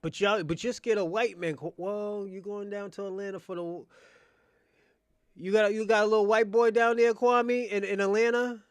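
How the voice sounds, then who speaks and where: A man holds forth in a loose, unscripted monologue on his own channel. He taunts and cackles, drops to low mutters, then bursts out loud. The sound is close and dry, with no room around it. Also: fairly even intonation, normal speed, clean tone, dry recording. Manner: mocking, laughing, swings from quiet mutters to loud outbursts.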